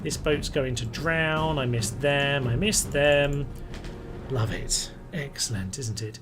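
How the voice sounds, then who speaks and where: A man giving casual, wry commentary as he plays a strategy game, thinking aloud and mildly exasperated by setbacks. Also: takes it slowly. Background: faint music and air conditioner rumble.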